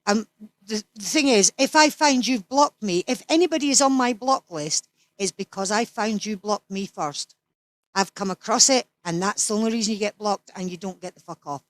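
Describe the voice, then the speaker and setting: A woman's voice: mid-range voice, normal speed, no echo. A Scottish woman in her sixties, an interview guest who talks bluntly and swears freely, as if ranting in casual chat. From Scotland.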